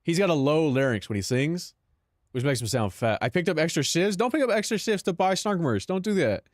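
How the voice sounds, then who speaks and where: A man's voice: a little high, sing-song, brisk, no echo, studio quality. A man live streaming in casual chat, talking in slang, calling his viewers "bro" and laughing between lines.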